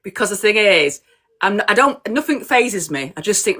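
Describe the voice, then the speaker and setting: A woman's voice: medium pitch, big pitch swings, normal speed, sharp tone, slightly rough. A woman as a guest on a live-stream chat, talking in a blunt, down-to-earth way. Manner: blunt, down-to-earth and plain-spoken. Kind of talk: casual chat. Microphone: video call on live stream.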